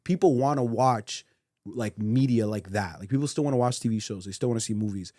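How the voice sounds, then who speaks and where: A man holds forth bluntly on a podcast, stressing his points in casual slang. His voice sits at a middle pitch. The recording is dry and close. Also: fairly quick, darkish tone, dry recording. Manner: blunt, emphatic, profane opinions. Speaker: podcast co-host.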